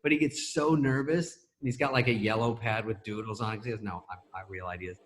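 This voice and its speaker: A middle-aged man telling stories as a talk show guest over a video call, laughing through them and doing quick impressions of other people. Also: on the low side, steady tone, slight background noise. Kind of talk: casual anecdote telling.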